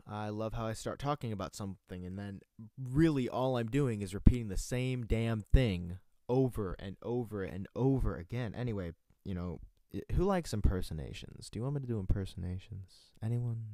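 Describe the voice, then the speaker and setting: Rambling young man, low dark voice. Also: no room sound. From North Carolina, US. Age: late teens. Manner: rambling, self-mocking, full of fillers and restarts. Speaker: amateur radio host. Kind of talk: rambling solo radio talk. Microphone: headphones and desk mic.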